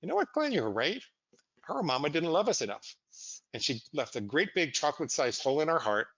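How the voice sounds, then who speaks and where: A man's voice: a little high, very animated, brisk, fairly bright tone, dry recording, highs cut off, exaggerated voice. A man voicing the coaxing inner voice of justification in his head, cheerfully persuasive and indulgent.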